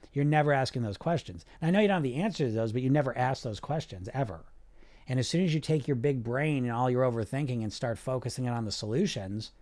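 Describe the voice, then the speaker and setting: A man hosting a podcast as a weight loss coach, talking directly and casually, often throwing in rhetorical questions and check-ins. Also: medium pitch. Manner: direct and animated, asks rhetorical questions and checks in with "right?" and "you see?"; casual, sometimes swears.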